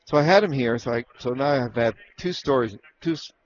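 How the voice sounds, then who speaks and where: Dull audio with a little hiss or hum carries a man's mid-range voice, moving a little fast. He's in a casual storytelling interview, spinning rambling racehorse-training anecdotes with acted-out quotes and plenty of restarted sentences.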